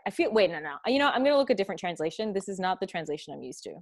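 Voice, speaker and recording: A woman's voice: mid-range voice, very animated, very fast, few pauses, no echo, studio quality. A young woman hosting a podcast in casual chat, effusive and swearing freely, laughing often. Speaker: podcast host.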